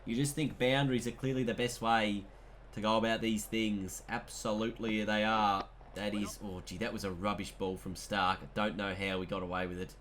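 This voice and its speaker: A man with an Australian accent commentating a cricket video game as he plays, mixing play-by-play calls with excitable asides. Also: lowish voice, normal speed, slight background noise. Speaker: gaming commentator.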